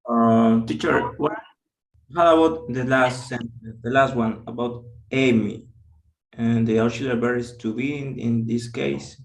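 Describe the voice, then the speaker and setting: A man's voice: mid-range voice, fairly even intonation, measured pace, vocal fry, reverberant, low-quality recording. A man who is a student in an English class, asking the teacher a question hesitantly and searching for words.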